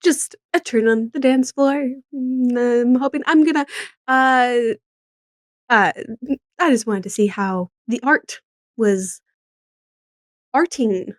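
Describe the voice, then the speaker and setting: A woman as a prim, high-voiced young debutante. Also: takes it slowly, pauses often, no echo, clean studio sound. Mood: polite. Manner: prim, proper phrasing. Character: polite, spirited young debutante.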